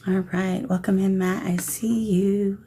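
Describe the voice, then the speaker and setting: A woman's voice: medium pitch, little pitch movement, unhurried, warm tone, slight background noise. A woman hosting a paranormal livestream in casual chat, greeting viewers with affectionate pet names over a phone camera. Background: shamanic drumming.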